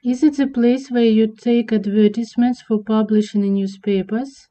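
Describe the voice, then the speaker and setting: A woman's voice: a little high, fairly even intonation, normal speed, dark tone, lightly acted. A woman voicing a scheming cartoon man who speaks in a sly, confiding way. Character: scheming man placing a newspaper ad. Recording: dull lo-fi recording.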